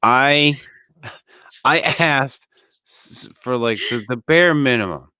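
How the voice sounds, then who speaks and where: A man's voice: mid-range voice, slow pace, bright, forceful tone, clear, resonant tone, no echo. A man co-hosting a podcast, ranting casually with lots of swearing and restarts. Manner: profane ranting, many restarts. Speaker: podcast co-host.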